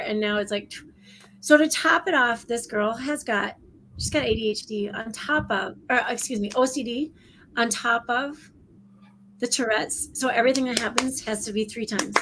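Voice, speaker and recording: A woman co-hosting a casual online debrief, talking in a rambling, excitable way with many restarts. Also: a little high, moderate pace, a little hiss or hum, low-quality recording. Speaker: co-host. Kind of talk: casual chat.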